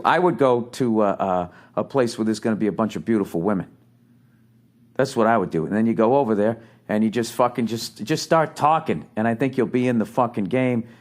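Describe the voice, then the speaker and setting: A man hosting a podcast, giving comedic advice in a blunt, swearing, rambling rant. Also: medium pitch. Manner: blunt and profane, lots of swearing; loose and rambling, with fillers and restarts. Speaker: podcast host answering a listener's letter.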